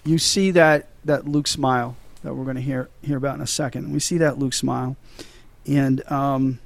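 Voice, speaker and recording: A man's voice: mid-range voice, fairly even intonation, moderate pace, vocal fry. A man hosting a casual movie-talk podcast, rambling and stumbling over his words as he gets emotional. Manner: rambling, restarts a lot, emotional. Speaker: podcast host.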